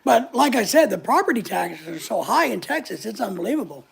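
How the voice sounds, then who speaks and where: A woman's voice: medium pitch, very animated, fairly quick, vocal fry, husky. An older woman hosting a casual live chat, talking in a blunt, opinionated, chatty way. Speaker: channel host answering live chat.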